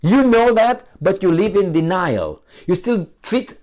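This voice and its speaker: A man's voice: high voice, lively intonation, measured pace, a little mellow. A man giving a blunt, profane political rant, acting out imagined exchanges as he goes. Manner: blunt, profane, emphatic, acts out quoted exchanges. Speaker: political commentator. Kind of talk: ranting monologue.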